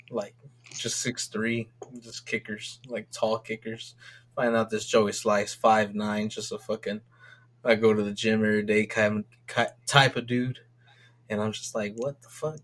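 A man co-hosting a casual sports podcast, rambling and swearing excitably as he rants about his team's games. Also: lowish voice, unhurried. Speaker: podcast co-host.

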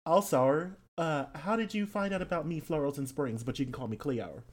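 A skinny, eccentric male fairy-lore expert, as a game master puts him on, speaking in a broad put-on Australian accent. He is grandiose and stretches out his key words in a mid-pitched voice. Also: moderate pace, natural voice.

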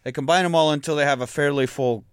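A man's voice: on the high side, fast talker, clean tone, no room sound. A man hosting a casual podcast, recapping a movie in a rambling, profane way and laughing often. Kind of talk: casual chat.

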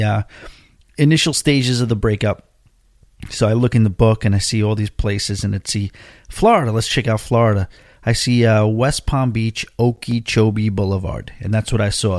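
This forties-aged podcast host from Long Island, New York has a lowish, somewhat mellow voice. He tells a lengthy personal story loosely and casually, wandering into asides and leaning on fillers, in studio-quality audio with no echo.

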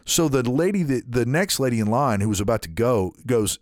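A man telling a long story in casual chat, animated and full of restarts. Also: medium pitch, fairly quick, hardly any pauses, dry recording, clean studio sound. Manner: animated, frequent restarts, mimics others in story.

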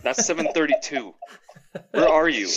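A man doing a comedic impression of his cohost as an impatient, fussy guy who complains in a raised, higher voice. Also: animated, moderate pace, fairly bright tone.

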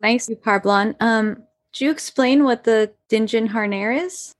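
A woman's voice: a little high, unhurried. Playful woman player in a tabletop game. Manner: playful, chatty, laughing often. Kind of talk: casual tabletop game chat.

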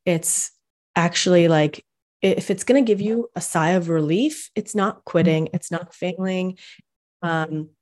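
A woman in her thirties hosts a solo podcast from her home. She talks in a casual, excited way and uses lots of fillers. Her voice sits on the lower side for a woman. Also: a little slow. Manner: energetic, chatty, with fillers. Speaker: podcast host and business coach.

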